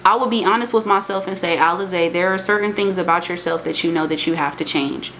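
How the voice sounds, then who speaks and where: A woman's voice: brisk, a little hiss or hum. A young woman, talking casually and emphatically in a motivational vlog monologue. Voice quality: emphatic and animated, swings into high exclamations. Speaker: vlogger.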